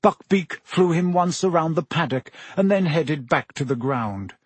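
A man narrates an audiobook with an expressive storytelling delivery. His voice sits a little high and has a husky grain. The recording is dry and close. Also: unhurried, dry recording. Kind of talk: audiobook reading.

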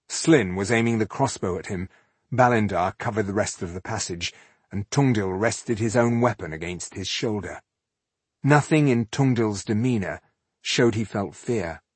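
A man reading a fantasy novel aloud in a steady, even storytelling manner. His voice sits low with a husky grain, recorded close and dry. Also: a little slow, dry recording. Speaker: audiobook narrator. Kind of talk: scripted fantasy narration.

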